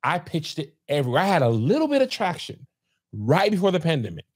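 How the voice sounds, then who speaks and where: Husky and a little high, this man's voice moves at a quick pace. He hosts a podcast and spins a story in relaxed conversation, playing out each quote like a lively storyteller.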